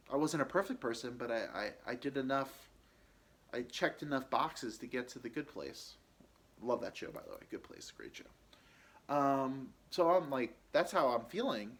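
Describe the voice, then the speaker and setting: A man's voice: mid-range voice, a bit bright. Man rambling through a personal story. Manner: rambling, halting, many fillers and restarts. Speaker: podcast host telling his own story.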